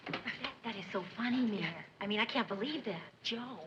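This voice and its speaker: An actress playing a wisecracking woman friend who talks on the phone with quick sarcastic quips. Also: fairly high pitch. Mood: teasing. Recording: lo-fi 1970s sitcom audio, loud noise.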